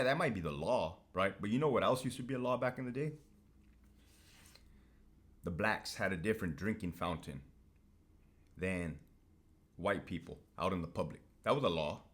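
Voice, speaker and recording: A man hosting a casual monologue to camera, talking in a blunt, profane, streetwise way. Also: deep voice. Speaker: host.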